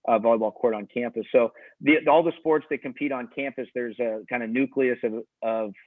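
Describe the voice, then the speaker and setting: A man's voice: medium pitch, steady tone, fairly quick. A man speaks as a college tennis coach in a casual interview, easygoing and rambling, often restarting his sentences. His voice comes through a video call with thin, phone-like sound. The audio is dry, with no room echo.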